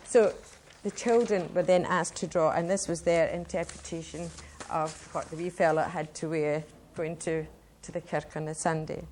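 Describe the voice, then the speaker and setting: A woman's voice: low voice, fairly even intonation, moderate pace, a little mellow, a little hiss or hum. A middle-aged woman with a Scottish accent, giving a chatty, enthusiastic public talk to an audience at a language workshop.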